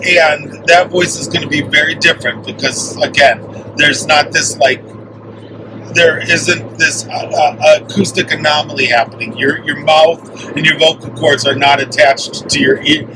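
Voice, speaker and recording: A man with a Midwestern accent, a sound engineer co-hosting a podcast, explaining things slowly with many restarts. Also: a little high. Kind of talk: casual podcast chat. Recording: steady background noise.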